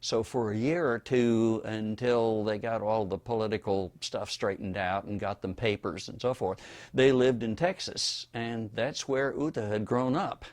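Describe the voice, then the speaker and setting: An older man from Florida being interviewed for an oral history, telling wry anecdotes in a relaxed storytelling manner. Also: fairly low pitch, measured pace.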